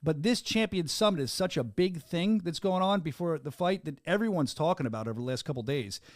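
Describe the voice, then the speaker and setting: A man hosting a podcast interview from a studio booth, rattling along in an excitable, upbeat way. His voice sits a bit high for a man and sounds close and dry, with almost no room around it. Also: no echo. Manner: fast, excitable and upbeat, with frequent restarts. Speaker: podcast host interviewing a fighter. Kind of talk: casual interview chat.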